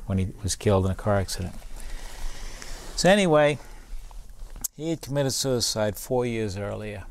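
A man's voice: on the low side, darkish tone. Older man earnestly telling his war story. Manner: earnest, repeats key phrases for emphasis. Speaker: guest, Vietnam veteran and public speaker. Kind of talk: personal storytelling interview.

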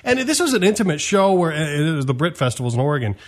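A man's voice: on the high side, sing-song, quick pace. A middle-aged man co-hosting a radio talk show, telling a blunt, ranting story in casual chat.

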